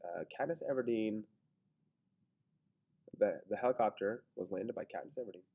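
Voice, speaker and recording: In this screen-recorded grammar lesson, a man with a lowish voice speaks at a normal speed, and the audio is dull. He teaches casually, thinking aloud and talking himself through his own mistakes.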